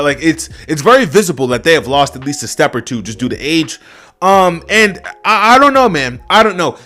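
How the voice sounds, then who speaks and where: A man's voice: fairly high pitch, fairly bright tone. A young man ranting unscripted as a wrestling reviewer, exasperated and profane, full of fillers. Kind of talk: unscripted rant.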